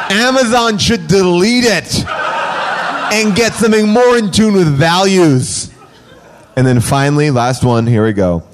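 A man's voice: high voice, animated, moderate pace. A man co-hosting a comedy podcast, reading reviews aloud with sarcasm and frequent laughter. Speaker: podcast co-host.

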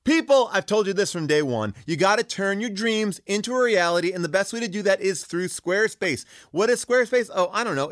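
A middle-aged man, the show's host, reading a sponsor ad with energetic emphasis and casual swearing. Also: sits high, no echo, studio quality. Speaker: podcast host. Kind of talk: ad read.

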